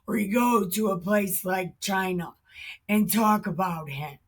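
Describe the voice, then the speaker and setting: A woman giving heated reaction commentary on the Bible, swearing often and breaking into shouts. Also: mid-range voice, a little slow, slightly rough. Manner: heated, profane, bursts into shouting.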